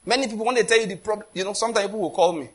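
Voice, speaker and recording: A man's voice: sits high, racing, a bit bright, husky. A man with a Nigerian accent preaching a sermon in a conversational, storytelling way. He acts out quoted dialogue and often checks whether listeners follow. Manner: often asks if listeners get the point.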